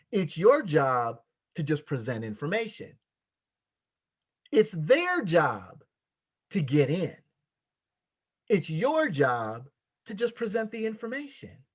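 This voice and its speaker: High-voiced, emphatic male sales trainer. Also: wildly swooping pitch, slow pace, long pauses. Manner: emphatic, repetitive, preacher-like cadence. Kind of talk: motivational sales training talk. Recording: dull lo-fi sound.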